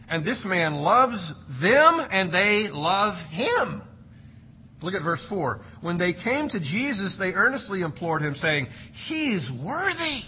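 A man's voice: high voice, bright, forceful tone, slight background noise, poor audio. A man preaching an expository sermon, reading scripture and explaining it with emphatic, varied delivery. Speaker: pastor.

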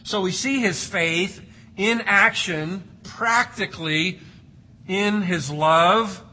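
A man's voice: sits high, takes it slowly, pushed and bright, slightly rough, low-quality recording. A man preaching an expository sermon, reading scripture and explaining it with emphatic, varied delivery. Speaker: pastor.

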